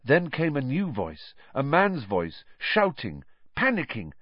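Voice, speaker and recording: A man narrating a fantasy story aloud with expressive, storytelling delivery, on a dull, dry recording. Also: medium pitch, slow pace, dry recording. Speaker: audiobook narrator. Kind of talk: scripted narration. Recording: dull, dry studio audiobook.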